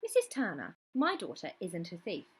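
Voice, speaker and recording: A woman's voice: fairly low pitch, normal speed, husky, exaggerated voice. Woman reading as a firm protective mum. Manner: calm, clipped and firm.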